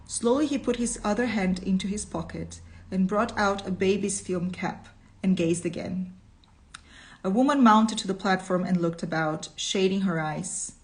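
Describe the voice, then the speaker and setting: A woman reading a short story aloud at a slow, deliberate pace, in the manner of a literature teacher. She pauses between passages to add her own commentary. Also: medium pitch.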